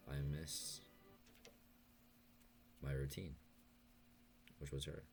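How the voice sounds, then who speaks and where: Very deep-voiced young man, hesitant. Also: takes it slowly, gravelly, pauses often, over music. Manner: soft, hesitant, stuttering. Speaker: vlogger. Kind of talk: confessional late-night vlog over gameplay.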